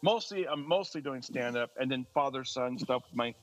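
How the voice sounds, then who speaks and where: A comedian in his forties speaks at a moderate pace in casual podcast chat, telling lively stories and switching to high-pitched comic voices. Faint music sits behind the rough recording.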